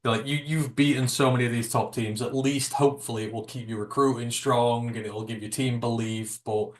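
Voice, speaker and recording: A man with a middle-pitched voice chats about sport on a podcast. His voice climbs when he presses a point, and the room gives it a noticeable echo. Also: steady tone, fairly quick. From United Kingdom. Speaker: podcast co-host. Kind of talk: casual sports chat. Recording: echoey room.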